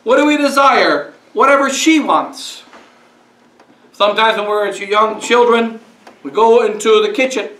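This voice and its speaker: A priest preaching a sermon with a high, bright, ringing voice. He speaks in a conversational way and keeps putting rhetorical questions to his listeners. He stands away from the microphone in a roomy, echoing church. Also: unhurried. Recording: roomy echo, speaker far from mic.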